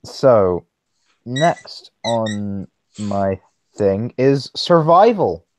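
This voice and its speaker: A young man chatting slowly on a podcast, his voice rising and falling a lot as he rambles, stumbles and restarts. The sound is dry and close, with no room around it. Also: on the low side, expressive, a little mellow, no echo, poor audio. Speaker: podcast host. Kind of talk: casual chat.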